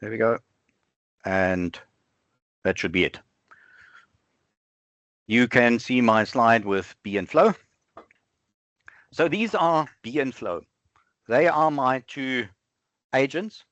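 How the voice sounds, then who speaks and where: A man presenting a live software demo over an online webinar, thinking aloud in a conversational way and often correcting himself. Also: mid-range voice, no room sound. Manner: conversational, self-correcting, halting fillers. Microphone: online webinar with screen sharing. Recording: dull, dry lo-fi online call audio.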